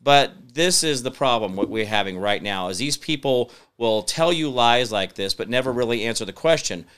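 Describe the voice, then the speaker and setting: A man's voice: medium pitch, expressive, normal speed, fairly bright tone, clear, resonant tone. A man hosting a live-stream show, talking emphatically and reading viewer comments, rambling with many fillers. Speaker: show host.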